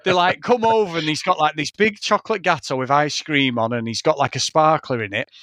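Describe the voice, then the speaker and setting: A man's voice: fairly high pitch, brisk, sharp tone, dry recording. A man, telling a story as a podcast co-host in casual, sweary chat. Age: 40s.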